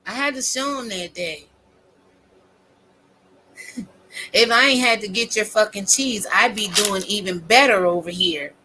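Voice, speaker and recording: A woman's voice: mid-range voice, unhurried, long pauses, bright, forceful tone, a little hiss or hum, rough recording. A woman in her fifties ranting casually to her viewers, blunt and emphatic, cursing heavily. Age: 50s. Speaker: vlogger. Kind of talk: profane casual rant.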